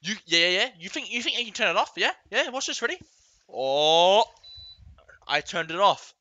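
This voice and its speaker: A man's voice: high-pitched, sing-song, moderate pace, bright, forceful tone, dry recording, muffled recording. A man ranting comically in a vlog, with exaggerated outbursts and yelps, recorded close and dry. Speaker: vlogger. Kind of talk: comedic rant vlog.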